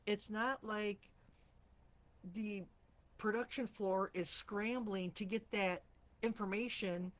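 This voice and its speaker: A woman hosting a casual live chat, telling stories in a chatty way, clearing her throat often, her morning voice slightly rusty. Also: mid-range voice, fairly even intonation, slow, pauses often. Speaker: host of a live stream for empaths.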